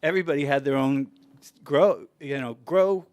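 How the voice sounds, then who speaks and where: A man, a guest musician on a podcast, telling a casual story in an animated way, laughing and acting out what people said. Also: medium pitch, fairly quick. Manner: animated, acts out quotes with laughter.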